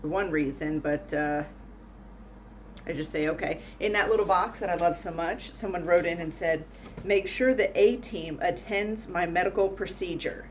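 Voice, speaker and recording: A woman's voice: on the low side, moderate pace, slight background noise. A middle-aged woman, a nurse, telling funny patient stories in a chatty, wry, laughing way at home. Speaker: nurse doing patient intake. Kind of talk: casual storytelling monologue. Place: small room at home with heater humming.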